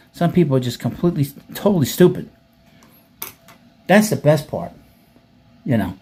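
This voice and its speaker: A man's voice: on the high side, warm tone. A man hosting casual commentary, reading out comments with blunt, profane sarcasm and rambling asides. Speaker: commentary host.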